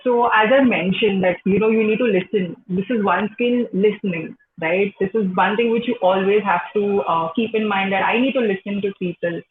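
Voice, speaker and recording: A woman's voice: medium pitch, moderate pace, hardly any pauses, a little hiss or hum. A young woman with an Indian English accent, a teacher answering interview questions in a chatty way, full of "you know". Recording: echoey phone-like call line.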